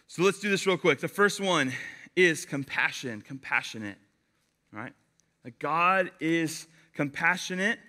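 A young man giving a casual youth sermon, chatty and animated, telling stories with lots of fillers. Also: a little high, a little slow. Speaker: youth pastor.

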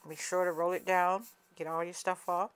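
A woman's voice: fairly low pitch, flat delivery, moderate pace, clean tone. A woman with a Southern US accent, chatting folksily through a home cooking demonstration and calling viewers honey and cousin.

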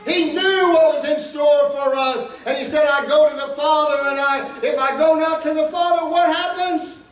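Pastor guy preaching hard, shouts now and then, high voice, boomy hall, mic kinda far. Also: steady tone, normal speed. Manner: fervent preaching, swelling to shouts. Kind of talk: sermon.

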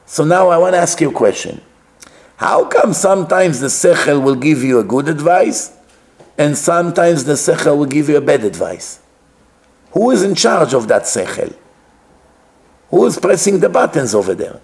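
A male rabbi giving a religious lecture in an animated way, acting out dialogues and asking rhetorical questions. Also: on the high side, normal speed, gravelly.

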